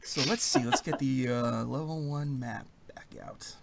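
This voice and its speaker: A man narrating as game master of a tabletop game, in a playful, animated way. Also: medium pitch, a little slow, creaky.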